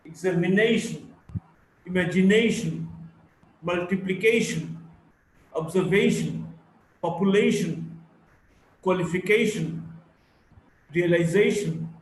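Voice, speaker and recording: A man teaching a live phonetics class, slowly drilling word lists and explaining stress rules. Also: high-pitched, distant mic, slight background noise. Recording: echoey room, voice from afar.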